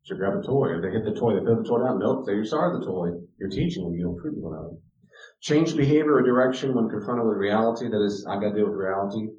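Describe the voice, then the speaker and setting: Low-voiced man in a roomy, distant recording. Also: fast talker, darkish tone, highs cut off, a little hiss or hum. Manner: conversational, acts out quoted dialogue. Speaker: speaker on parenting and character. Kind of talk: casual teaching talk.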